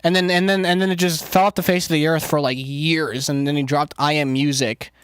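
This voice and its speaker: Rambling, cursing guy with a slightly high voice. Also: level tone, fairly quick, a bit bright, clean tone. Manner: rambling, loose and profane, full of filler words. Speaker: streamer. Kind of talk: casual chat, answering live chat.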